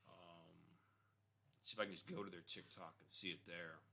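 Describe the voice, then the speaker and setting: A man with a low-pitched yet very bright, forceful voice walks through an online store in a casual screen-share review. He talks conversationally, tossing in "right?" and "you know" as he goes. His emphasis comes in energetic, punchy bursts. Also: moderate pace, vocal fry, husky. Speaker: e-commerce store consultant.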